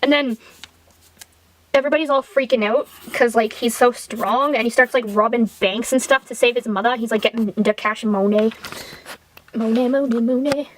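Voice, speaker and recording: A woman with a fairly high voice retells a film while drawing, rambling and irreverent. Her talk is full of fillers and asides. A faint noise sits behind her. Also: fairly even intonation, a little fast, poor audio. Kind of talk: rambling casual film recap.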